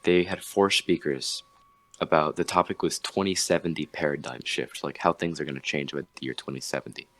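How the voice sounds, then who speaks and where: Hosting a podcast, a young man with a bass voice casually retells a story, speaking briskly with fairly even intonation and a slightly bright, echo-free sound. His telling rambles, packed with fillers and acted-out quotes.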